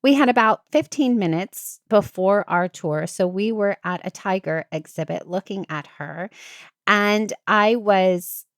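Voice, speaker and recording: A woman hosting a podcast, chatting casually and acting out what people said with sudden jumps in pitch. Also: a little slow, dry recording, studio quality. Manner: animated, acts out quotes with big pitch jumps. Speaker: podcast host. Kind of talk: casual storytelling chat.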